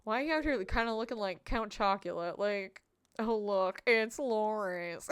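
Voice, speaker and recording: A woman's voice: mid-range voice, measured pace, smooth, no room sound. A woman streamer chatting bubbly with her viewers while she plays a game live. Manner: bubbly, chatty, reads chat messages aloud. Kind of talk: live-stream gameplay chat.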